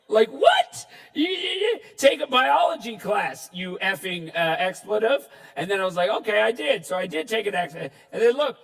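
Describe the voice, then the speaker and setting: A male comedian from Newfoundland giving a jokey, animated stand-up style keynote to a live audience, with bursts of shouting. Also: high voice, moderate pace, creaky, few pauses. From Newfoundland, Canada. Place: large hall. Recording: echoey hall, mic far off.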